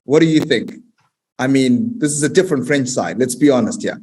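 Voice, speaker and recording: A man's voice: medium pitch, animated, fairly quick, darkish tone, poor audio. Provocative South African co-host man. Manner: bold and provocative in opinions. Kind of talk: casual chat.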